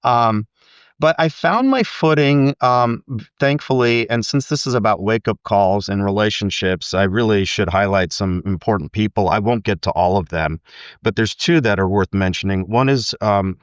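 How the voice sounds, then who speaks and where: A middle-aged man with a very low voice speaks in a reflective, candid way, pausing on fillers. The sound is dry and a little dull. He talks as an interview guest. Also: clean tone, no room sound. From United States. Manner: thoughtful, candid, with frequent fillers and soft laughs.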